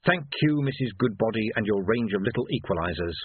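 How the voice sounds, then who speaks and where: A man voicing a gruff, weary watch sergeant who speaks bluntly and dryly, on a thin phone-like recording. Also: fairly low pitch, animated, a little fast, no echo. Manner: blunt, dry, commanding. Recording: dry phone-like lo-fi sound.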